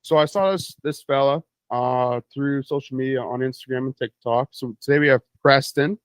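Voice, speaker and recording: A man's voice: medium pitch, normal speed, no room sound. A young Canadian man co-hosting a podcast, asking questions in an easygoing, joking way. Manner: easygoing, joking interviewer with frequent agreement. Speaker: podcast co-host. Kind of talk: casual chat.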